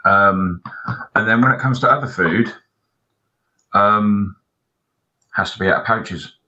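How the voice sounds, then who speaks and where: A man's voice: fairly low pitch, slow pace, pushed and bright, dull audio. A man co-hosting a podcast, telling long rambling anecdotes and swearing a lot. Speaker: podcast co-host. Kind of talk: casual chat.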